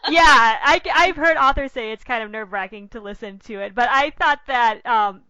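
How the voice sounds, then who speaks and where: Bright, crisp woman interviewer. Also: a little high, normal speed, no echo. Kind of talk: casual interview chat. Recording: dry, dull lo-fi recording.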